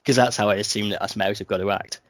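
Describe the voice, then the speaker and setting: A man's voice: on the low side, dry recording. A man co-hosting a casual podcast, joking about himself and laughing often. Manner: jokey, self-mocking, laughs often. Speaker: podcast co-host. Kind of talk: casual chat.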